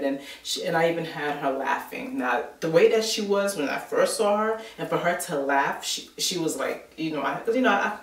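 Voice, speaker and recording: New lady vlogging, casual rambly chat, kinda far from the mic. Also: deep voice. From New York. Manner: chatty storyteller, many filler words. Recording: roomy sound from a distant mic.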